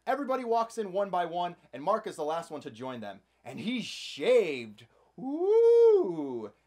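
A man's voice: high-pitched, big pitch swings, quick pace. A man hosting a comedic movie recap, narrating with sarcastic, playful asides. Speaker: host.

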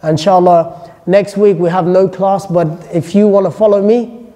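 Speaking in a mellow voice that sits high, a native English-speaking Islamic lecturer keeps a steady tone and normal speed. His classroom lecture is casual and joking, peppered with chatty asides, and the hall adds a long reverb.

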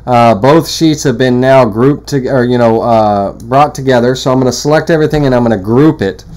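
A man walking through a woodworking software tutorial in a casual, rambling way, full of fillers and restarts. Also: medium pitch, fairly quick. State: has the hiccups. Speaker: CNC woodworking instructor. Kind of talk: screen-recorded software tutorial.

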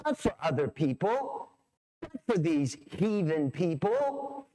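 A man's voice: fairly high pitch, sing-song, slow pace, mellow. A middle-aged man preaching a sermon as pastor, storytelling with animation and acting out voices. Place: church sanctuary.

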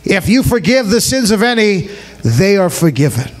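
A man voicing Jesus in a dramatized scripture reading, speaking in a solemn, measured way. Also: sits high, sing-song. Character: Jesus, calm grown man teacher.

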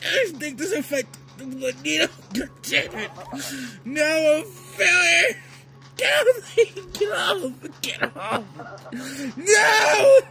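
A man giving excited gameplay commentary, yelling, laughing and pleading with his opponents as he plays. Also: very high voice, extremely slow, vocal fry, faint music behind. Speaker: gaming video creator.

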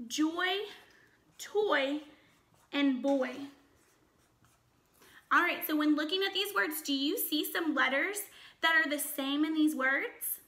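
Upbeat, bright-voiced woman teaching phonics. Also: sits high. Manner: upbeat, encouraging, sounds out words slowly. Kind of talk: children's phonics lesson.

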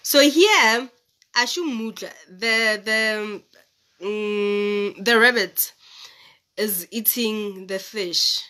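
A young woman reads a children's story aloud, then talks it over in an easy, explaining way. Her voice is a little high and very bright. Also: a little hiss or hum. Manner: chatty, explaining.

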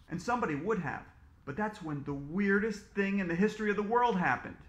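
A man's voice: high-pitched, a little fast. A man, the author, reading his own book aloud to children in a playful, teasing way. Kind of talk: storytelling read-aloud for kids. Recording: roomy echo.

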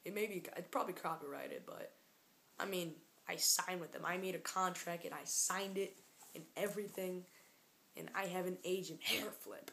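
A woman's voice: on the low side, fairly even intonation, normal speed, vocal fry, a bit bright, slight background noise. A woman vlogging casually alone in an upstairs room into a camera mic, rambling and joking and often getting sidetracked. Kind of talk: casual vlog.

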